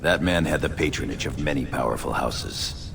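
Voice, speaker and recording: A gruff gravelly dwarf retainer. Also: male voice, rumbling low, noisy background. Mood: formal stern. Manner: formal, stern, measured. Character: gruff loyal male dwarf retainer, formal. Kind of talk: game dialogue. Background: game music.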